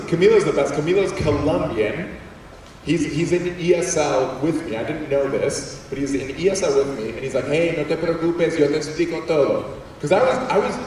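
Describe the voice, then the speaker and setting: A young man from Puerto Rico, whose first language is Spanish, giving an animated comic story talk to a school assembly. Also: a little high. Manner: animated, jokey, quotes people in voices. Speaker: guest speaker. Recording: echoey hall, distant mic, faint room noise.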